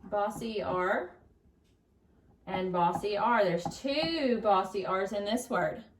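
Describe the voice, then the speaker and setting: Encouraging teacher woman, slow and echoey. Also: medium pitch, a little hiss or hum. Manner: encouraging, upbeat, drawn-out syllables. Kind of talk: recorded phonics lesson for young children. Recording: echoey room, distant mic.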